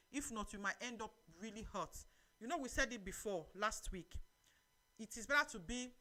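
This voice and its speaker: A middle-aged woman with a Nigerian accent hosts a live church talk show. Her voice sits fairly high and sounds bright and forceful. She preaches with lively energy, reads out viewer comments and slips into Nigerian Pidgin phrases.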